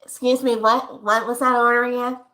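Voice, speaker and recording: A woman voicing a flustered drive-thru worker who keeps asking the customer to repeat the order, in a loud, puzzled voice. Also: a little high, little pitch movement, normal speed.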